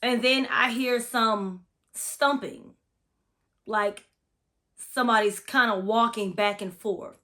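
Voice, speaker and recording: A woman's voice: fairly high pitch, steady tone, slow pace, long pauses, bright, forceful tone. A woman from Florida, a massage therapist, telling a spooky personal story in a chatty, profane, dramatic way in a casual vlog.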